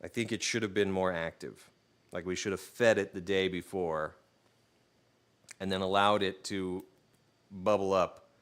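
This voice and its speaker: A man's voice: deep voice, steady tone, unhurried, long pauses, a bit bright, smooth. A man live-streaming while he cooks, chatting casually with viewers, telling jokey stories and teasing his dog. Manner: loose, joking storyteller who talks to his dog. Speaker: cooking streamer.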